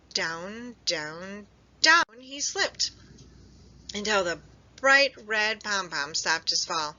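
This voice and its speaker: A woman librarian reading a storybook aloud at story time, expressive and lively. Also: mid-range voice, slow pace. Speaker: children's librarian. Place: public library. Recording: dull lo-fi recording.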